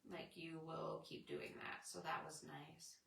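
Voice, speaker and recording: Chatty spiritual host, female, lower pitch, sits back from the mic. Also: flat delivery, measured pace, creaky, a bit bright, roomy sound, recorded from a distance, a little hiss or hum. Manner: rambling, chatty, reads out viewer comments. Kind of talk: casual spiritual chat with viewers.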